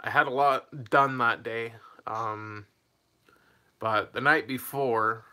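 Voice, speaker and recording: A man's voice: medium pitch, fairly even intonation, takes it slowly, pushed and bright. A young man telling a personal story in a casual, rambling way, laughing mid-sentence and losing his train of thought.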